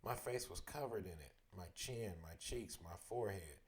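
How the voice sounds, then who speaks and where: A man reading a chapter book aloud as a bedtime story, with steady, expressive first-person narration. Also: sits low, moderate pace. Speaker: storybook reader.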